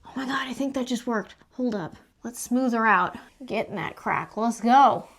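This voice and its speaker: A woman's voice: on the high side, normal speed. A young adult woman vlogging about home renovation in a casual, sassy, profane storytelling manner. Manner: sassy, profane, animated storytelling with voiced quotes. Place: home hallway, indoors.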